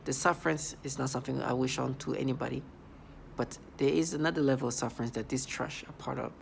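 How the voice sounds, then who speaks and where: A vlogger speaking in a halting, repetitive, accusatory monologue. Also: mid-range voice, fairly even intonation, creaky, a little hiss or hum. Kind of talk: angry vlog monologue.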